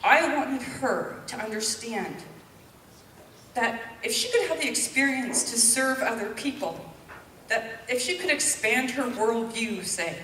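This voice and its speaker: Woman in her 50s giving a candid, heartfelt talk; higher voice, roomy hall, distant mic. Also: lively intonation, a little slow, sharp tone, a little hiss or hum. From Canada. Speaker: public speaker. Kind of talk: personal talk to an audience.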